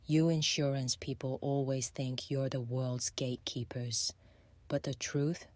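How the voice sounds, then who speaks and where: A man voicing a calm, menacing, manipulative woman in an audiobook, in a soft, breathy half-whisper with a slow, taunting manner. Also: medium pitch, no echo, pitched above the performer's own voice, close to an everyday voice. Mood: coolly menacing. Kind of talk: audiobook character voice.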